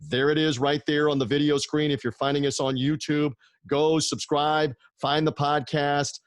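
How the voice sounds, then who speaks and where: A man's voice: on the high side, level tone, moderate pace, no echo, clean studio sound. A man hosting a sports talk podcast over a video call, upbeat and busy plugging his guests' shows. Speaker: podcast host.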